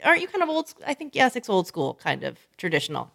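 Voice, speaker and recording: A woman co-hosting an advice podcast, animated and frank, laughing often and swearing casually. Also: mid-range voice, quick pace, gravelly. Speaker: podcast co-host.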